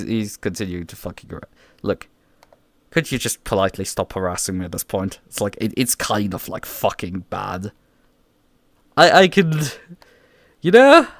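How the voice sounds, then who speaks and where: A man ranting on his live stream, exasperated and swearing, tripping over his own restarts. His pitch jumps around a lot as he vents. The sound is close and dry with no room echo. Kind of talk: casual livestream rant.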